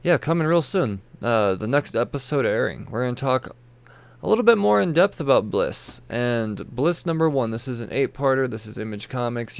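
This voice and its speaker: A man's voice: mid-range voice, gravelly, clear, resonant tone. A tired man hosting his comic book podcast, rambling and swearing casually as he reads through new releases. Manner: rambling, profane, self-interrupting. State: tired, yawning. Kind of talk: casual solo podcast chat. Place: home room with toy shelves behind.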